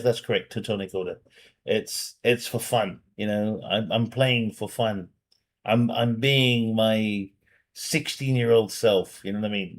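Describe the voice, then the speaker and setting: A man streams a strategy game from his bedroom. He talks slowly and rambles, reads viewer questions aloud, and laughs at his own jokes. Game music plays faintly underneath. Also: lowish voice. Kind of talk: casual livestream commentary. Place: home bedroom.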